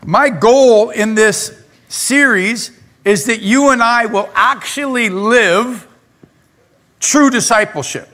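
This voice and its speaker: A male pastor preaching a lively sermon in a church, talking straight to the congregation. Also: very high voice, takes it slowly. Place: church sanctuary.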